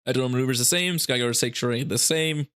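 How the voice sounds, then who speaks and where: A man's voice: medium pitch, fast talker, fairly bright tone, smooth. Casual man breaking down game rules. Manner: rambling, laughing asides, frequent restarts. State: hiccups. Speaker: gaming channel host.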